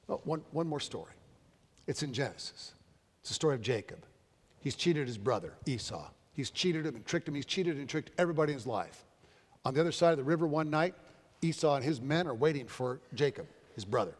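A man pastor preaching a sermon in a measured way, often repeating words as he builds each phrase. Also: on the high side. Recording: long reverb of a large hall.

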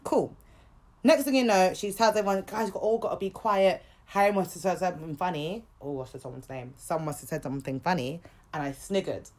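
Animated young woman telling stories. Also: lowish voice, fairly quick. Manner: animated, swears freely, acts out other people's lines. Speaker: podcast co-host. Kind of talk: casual storytelling chat.

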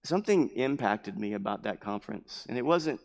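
Passionate pastor preaching in a reverberant church. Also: male voice, lowish voice, lively intonation, normal speed. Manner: impassioned, repetitive preaching with sudden loud emphases. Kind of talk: sermon. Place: church building.

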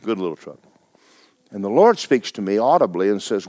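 A middle-aged man preaching a sermon as pastor, telling a personal story with stammering restarts and sudden swings between hushed and loud. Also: lowish voice, big pitch swings, moderate pace, no room sound.

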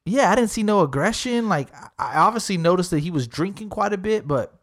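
A man's voice: sits high, lively intonation, a little fast, fairly bright tone. A young man hosting a podcast, telling a story in a casual, rambling, profane way. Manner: profane, rambling, repeats "I was like". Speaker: podcast host.

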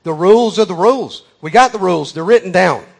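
A man's voice: high voice, lively intonation, fast talker, gravelly, breathy edge, heavily acted. A man doing a stern matter-of-fact judge. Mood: firm. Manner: firm, matter-of-fact, repetitive.

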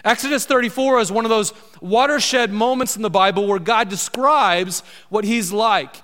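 A middle-aged man delivers a sermon with a higher-than-usual pitch. He sounds conversational and asks the listeners questions as he goes. His voice carries a long reverb, as in a large hall. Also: moderate pace, a bit bright. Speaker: pastor.

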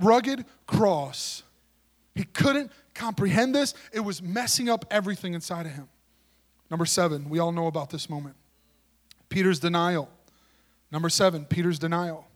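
A male preacher giving a sermon in an emphatic way, rising to loud declarations and dropping to hushed tones. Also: high-pitched.

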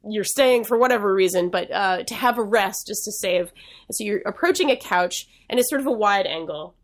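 A woman's voice: mid-range voice, lively intonation, a little fast. A woman co-hosting a podcast, chatting casually with frequent laughs and restarts. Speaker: podcast co-host. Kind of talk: casual chat.

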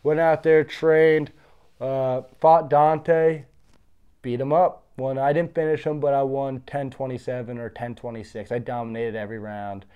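A man's voice: mid-range voice, measured pace, clean tone, dull audio. A man who fights professionally, casually telling stories from his career and acting out what other people said to him. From Pennsylvania. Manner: animated, acts out the voices of others in his story. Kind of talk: casual storytelling.

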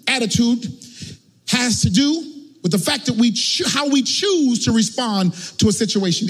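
A male pastor delivers a sermon in church with a strikingly high, raspy voice. His pitch leaps and dives as he chants his points in a half-sung cadence, punching the peaks with shouts. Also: animated, moderate pace, long reverb tail.

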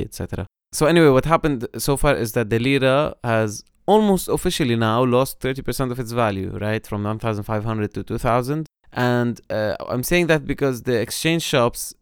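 A man's voice: fairly low pitch, smooth, no echo, clean studio sound. A man from Lebanon co-hosting a podcast, explaining economic news critically with many restarts. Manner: explanatory, critical, with frequent restarts and "you know". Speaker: podcast co-host. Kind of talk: casual political-economy discussion.

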